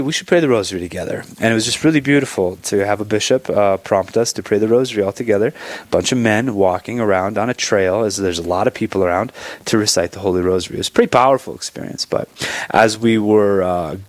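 A priest hosting a radio program, leading prayers and chatting with listeners in a measured, earnest way, slightly short of breath. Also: male voice, on the low side, no echo. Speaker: priest and radio show host.

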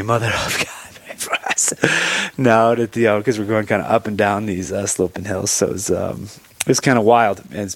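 A priest hosting a radio program, leading prayers and chatting with listeners in a measured, earnest way, slightly short of breath. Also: male voice, fairly low pitch, no echo. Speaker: priest and radio show host.

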